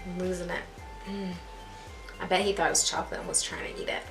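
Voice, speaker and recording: A woman's voice: lowish voice, fairly even intonation, fast. Chatty young woman vlogger in an echoey room. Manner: chatty, self-deprecating, laughs at herself. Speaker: beauty vlogger. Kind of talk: casual rambling chat to camera. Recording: echoey room with faint music.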